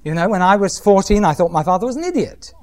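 A man's voice: high voice, animated, quick pace, a little mellow. A middle-aged man preaching a humorous sermon, often mimicking other voices.

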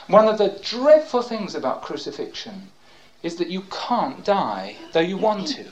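An older man preaching a sermon and reading scripture aloud. He talks fervently, breaks in with praise, and swings from loud cries to hushed tones. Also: high-pitched, wildly swooping pitch, a little slow, low-quality recording.

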